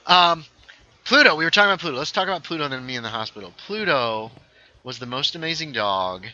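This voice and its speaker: A man's voice: fairly high pitch, lively intonation, fast, bright, forceful tone, dull audio. A man casually chatting on a gaming livestream, rambling through stories and reading chat aloud. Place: home setup, playing a game.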